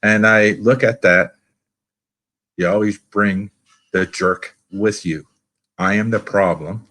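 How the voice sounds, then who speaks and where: Folksy Canadian man, low voice. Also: fairly even intonation, slow, bright, forceful tone. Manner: earnest, folksy, quotes people in raised voices. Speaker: recovery meeting guest. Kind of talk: casual storytelling.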